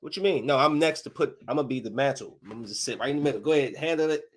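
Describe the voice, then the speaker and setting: A man hosting a casual solo podcast, telling stories in a slangy, joking way, swinging from loud outbursts to low muttering and laughing often. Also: very fast. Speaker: podcast host.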